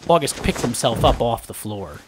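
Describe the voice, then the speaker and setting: A man narrating a first-person story aloud with lively, dramatic delivery. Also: mid-range voice, normal speed, a little hiss or hum. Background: background music.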